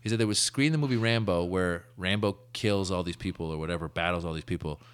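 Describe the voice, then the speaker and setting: A man hosting a podcast, telling stories in an animated, casual way with frequent restarts. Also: sits low, fast talker, clean tone. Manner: animated storyteller, many restarts. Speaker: podcast host. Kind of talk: casual conversation.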